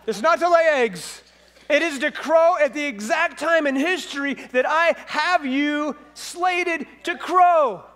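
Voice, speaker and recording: A man voicing God speaking firmly and reassuringly to a lowly creature with a job. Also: slow pace, pushed and bright, full character voice. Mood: assuring. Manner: emphatic, assuring.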